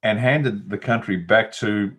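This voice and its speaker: Blunt man, low voice. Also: measured pace, fairly bright tone. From Australia. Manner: blunt, emphatic, long rolling lists. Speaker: guest commentator. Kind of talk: political commentary interview.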